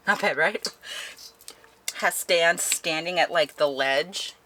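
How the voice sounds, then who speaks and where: A woman's voice: fairly low pitch, takes it slowly, long pauses, pushed and bright, slight background noise. A young woman chatting animatedly through a book review, laughing often as she retells the plot. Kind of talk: casual spoken book review.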